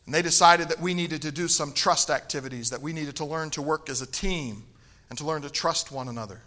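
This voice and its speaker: A middle-aged man from Tennessee delivers a sermon, his high voice carrying a bright, ringing tone. He tells stories in a lively way, sinking into soft asides before breaking into loud, emphatic bursts. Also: fairly quick. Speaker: preacher. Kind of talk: sermon with a humorous personal story.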